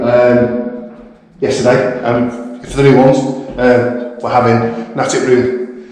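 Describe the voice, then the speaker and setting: A man's voice: medium pitch, level tone, a little slow, a little mellow, a little hiss or hum. A man in his fifties vlogging from his farmhouse renovation, casual and chatty with a lot of slang, mumbling a bit and tailing off at the ends of sentences. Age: 50s. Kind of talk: casual chat to camera. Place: farmhouse under renovation in the countryside.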